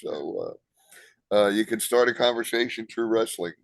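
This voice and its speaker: A man's voice: lowish voice, expressive, moderate pace, creaky, no echo. An older man with a New Jersey accent, a comedian guest telling jokes and anecdotes in a casual interview. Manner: joking, tells anecdotes with punchlines.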